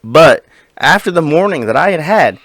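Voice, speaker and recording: A man co-hosting a podcast, telling a story in casual chat, animated and profane, acting out the lines of the people in it. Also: fairly high pitch, normal speed, no room sound. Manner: animated, profane, acts out quoted dialogue. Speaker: podcast co-host.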